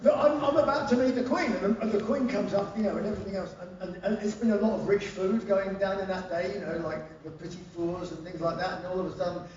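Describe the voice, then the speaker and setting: A man with a high voice tells comic stories on stage, swearing freely and keeping up an animated, rambling flow. He is a rock singer giving a spoken-word evening at a concert venue. The sound is distant and dull, with heavy hall echo and a faint hum behind it. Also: quick pace, few pauses. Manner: swearing, animated anecdote-telling. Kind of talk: live comic storytelling.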